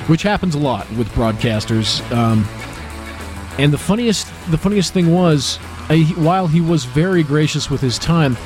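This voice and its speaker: A man hosting a podcast, telling stories in a rambling, self-deprecating way. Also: medium pitch. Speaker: podcast host. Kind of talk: casual retrospective narration.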